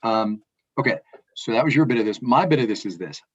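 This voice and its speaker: A man co-hosting a casual news chat, talking emphatically with loud and quiet swings. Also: mid-range voice, expressive, fairly quick, breathy edge, lo-fi sound. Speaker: co-host.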